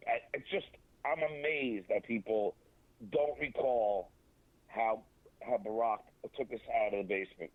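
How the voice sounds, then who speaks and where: Speaking on the low side, this man is a guest on a casual interview conducted over the phone, pushing his opinions while halting through many restarts and fillers. The recording is dry and close, carried on a thin, tinny line.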